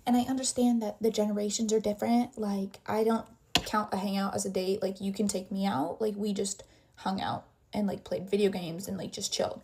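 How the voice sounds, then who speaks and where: A woman's voice: mid-range voice, fairly even intonation, a little fast, darkish tone, a little hiss or hum. A young adult woman casually telling a story while getting ready, rambling and packing her talk with "like" fillers.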